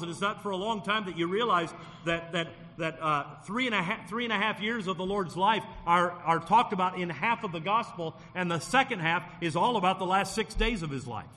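A man's voice: sits high, sharp tone. A man preaching a Sunday sermon in earnest, often repeating phrases as he builds a point. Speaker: pastor. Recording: long reverb of a large hall.

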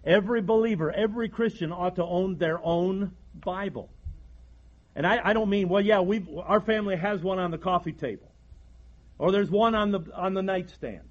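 A man's voice: high voice, moderate pace, muffled recording. A man, preaching a folksy sermon from the pulpit and often restarting his sentences. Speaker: pastor.

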